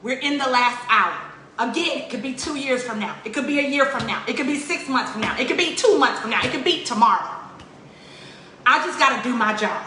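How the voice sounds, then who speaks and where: A woman's voice: high-pitched, animated, fairly quick, sharp tone, a little hiss or hum. A woman giving an emotional, tearful spoken appeal, pleading in a repetitive preaching cadence. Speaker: religious vlogger. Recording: roomy echo.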